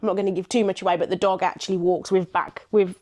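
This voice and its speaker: A woman's voice: mid-range voice, little pitch movement, quick pace, darkish tone. Friendly, chatty woman. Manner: friendly, chatty, supportive interjections. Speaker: podcast co-host. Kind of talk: casual chat.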